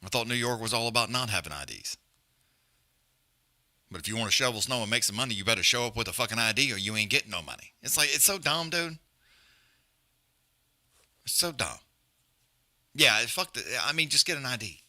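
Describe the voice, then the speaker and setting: A man's voice: mid-range voice, fairly quick, pauses often, sharp tone. A man hosting a live fight stream, ranting bluntly and profanely and repeating himself, then calling the fight. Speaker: fight companion stream host. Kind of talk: profane casual rant and live fight commentary.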